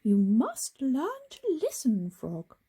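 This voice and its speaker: A woman voicing a kindly, gently firm female owl schoolteacher who speaks softly. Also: high-pitched, huge pitch swings, takes it slowly, husky, pitched above the performer's own voice, exaggerated voice. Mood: gently scolding.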